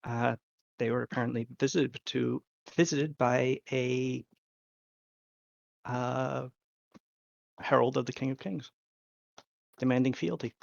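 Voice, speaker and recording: A man running a tabletop game as game master, narrating slowly with many fillers and restarts. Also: mid-range voice, steady tone, gravelly, no echo, muffled recording. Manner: slow, halting, many fillers.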